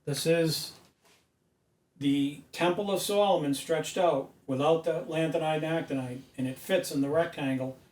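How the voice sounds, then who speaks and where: A man's lecture at a whiteboard grows from emphatic and preachy to loudly insistent. He speaks at a moderate pace in a slightly high voice, recorded indoors by a far-off camera mic that leaves an echo.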